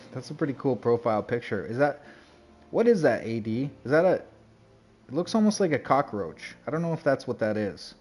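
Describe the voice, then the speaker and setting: A man's voice: mid-range voice, big pitch swings, normal speed, darkish tone, slightly rough, soft background music. A man chatting casually on a game livestream, rambling and greeting viewers. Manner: rambling, chatty, full of "like" and "you know". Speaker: streamer. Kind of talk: casual livestream chat while gaming.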